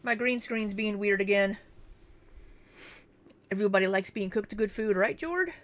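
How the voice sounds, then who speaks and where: A woman's voice: mid-range voice, steady tone, normal speed, a bit bright, soft background music. Laughing young woman reading her chat. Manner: laughs often between chat replies; reads out viewer names and thanks them. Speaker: livestream host. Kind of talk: casual livestream chat reading.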